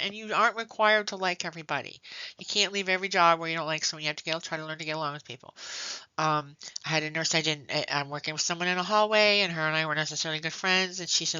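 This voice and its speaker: A woman's voice: on the low side, sharp tone, smooth, dry recording. A woman nursing instructor giving a conversational classroom lecture, often checking in with "okay?" and telling stories from work. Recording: dull muffled lecture recording.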